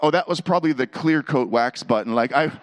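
A man's voice: on the high side, fairly quick. A middle-aged man telling a humorous personal story to an audience, acting out the voices and laughing as he goes. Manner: animated, acts out quoted voices, laughs between lines.

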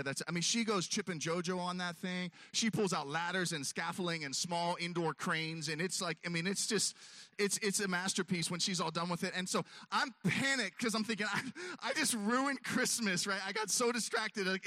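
A man's voice: high-pitched, bright, forceful tone, no echo. A man telling a long self-mocking story on stage, acting out his own voice and others' as he goes. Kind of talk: stand-up storytelling.

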